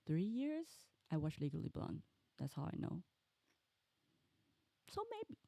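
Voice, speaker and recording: A woman's voice: sits low, huge pitch swings, unhurried, gravelly, warm tone, dry recording. A woman streamer giving chatty, rambling commentary while playing a game. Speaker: let's play streamer.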